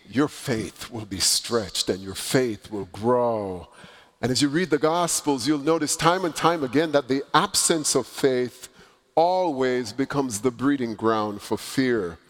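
A man preaching a sermon, with dramatic pauses and swelling emphasis. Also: mid-range voice. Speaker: pastor. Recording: long reverb in a large hall.

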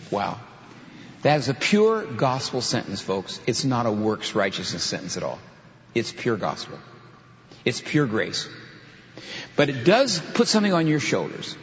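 A male pastor preaching a sermon, teaching with animated emphasis and lively explanations. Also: medium pitch, a little slow. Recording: dull audio in a reverberant hall.

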